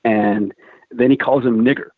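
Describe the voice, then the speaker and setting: Casual male podcast guest with animated, profane storytelling; dry, phone-thin audio. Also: mid-range voice, moderate pace, no room sound. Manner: animated, swearing, acts out shouted quotes. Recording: dry, tinny phone-like sound.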